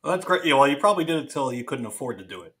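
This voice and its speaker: Bright-voiced man hosting a podcast. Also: medium pitch, sing-song, racing. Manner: friendly, teasing questions. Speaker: podcast host. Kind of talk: casual interview.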